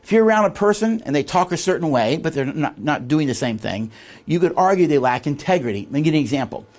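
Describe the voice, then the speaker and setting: A man's voice: fairly high pitch, expressive, fast talker, a little mellow. A man teaching leadership in a classroom lecture, quizzing his listeners with fill-in questions before a live audience.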